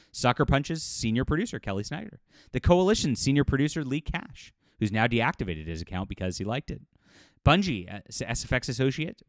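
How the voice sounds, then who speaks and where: A livid man delivers an angry commentary monologue, stumbling over restarts as he rants. His voice sits at a middling pitch and sounds close and dry, with no room around it. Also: dry recording. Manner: agitated and indignant, with frequent restarts and ranting. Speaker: commentary host.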